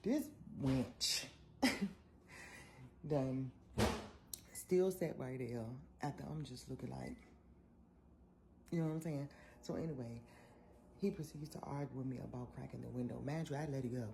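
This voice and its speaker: A young woman, telling an animated, sassy story in a casual vlog. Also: rumbling low, fairly quick, gravelly, a little hiss or hum. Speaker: vlogger.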